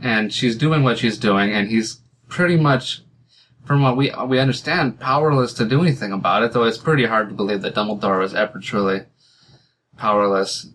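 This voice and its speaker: A man with a bright, forceful voice hosts a relaxed podcast chat. He talks with animation and laughs easily. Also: fairly low pitch, fairly quick, slight background noise. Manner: animated, laughs often, acts out quotes. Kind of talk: casual podcast discussion.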